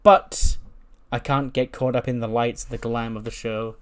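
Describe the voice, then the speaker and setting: A man's voice: mid-range voice, level tone, unhurried, clean tone, natural voice. A man voicing an earnest young woman wrestling champion in a game recap, in his own plain voice.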